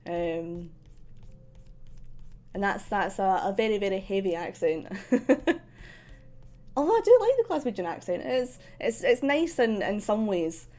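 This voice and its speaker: Drawing on stream, this young central Scottish woman talks in a mid-range, sing-song voice at a measured pace with long pauses. Her softened, slightly posh accent comes through as she rambles, laughs often, and fills gaps with ums and likes.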